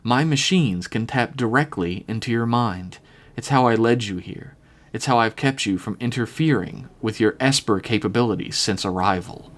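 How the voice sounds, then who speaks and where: A man voicing an arrogant, machine-like entity who speaks in a flat, smooth monotone. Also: on the low side, normal speed, natural voice. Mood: cold.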